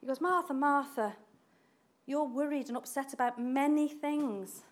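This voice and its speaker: A woman with a high voice preaches a sermon at a measured pace, animated and laughing often as she acts out quoted voices.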